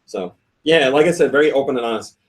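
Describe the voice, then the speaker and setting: A man hosting a casual podcast, reading listener comments and retelling stories in an animated way, often laughing. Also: mid-range voice, quick pace, far from the mic. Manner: animated storytelling with frequent laughs; reads listener comments aloud. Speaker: podcast host.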